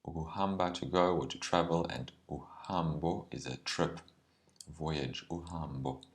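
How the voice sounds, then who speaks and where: A male language teacher explains words and grammar step by step. He talks carefully, pausing with ums and slowing down on key terms. His voice sits extremely low.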